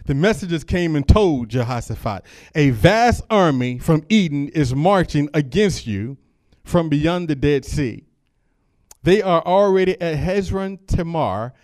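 A man preaching with a slightly high voice. He moves between easy, conversational asides and loud, fervent scripture reading. The sound is close and dry, with no room echo. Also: expressive, slow pace. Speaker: pastor. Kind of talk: sermon.

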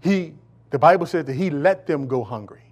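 A middle-aged man preaching a sermon as pastor in a church, shifting from calm storytelling to loud, rising shouts. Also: a little high, moderate pace, breathy edge. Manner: animated storytelling with acted quotes.

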